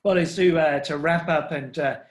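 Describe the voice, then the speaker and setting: A man's voice: on the high side, steady tone, normal speed. A middle-aged man preaching a sermon to his congregation, earnest, often voicing Jesus speaking directly to his listeners. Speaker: pastor.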